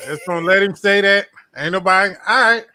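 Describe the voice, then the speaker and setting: High, bright-voiced male podcast co-host. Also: a little fast, dry recording. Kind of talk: casual chat.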